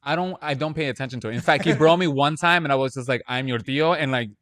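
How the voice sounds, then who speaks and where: A man's voice: on the high side, a bit bright, no room sound, clean studio sound. A man in his thirties co-hosting a podcast in casual chat, teasing his co-host and asking probing questions. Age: 30s. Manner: teasing, asks probing questions, quick to laugh.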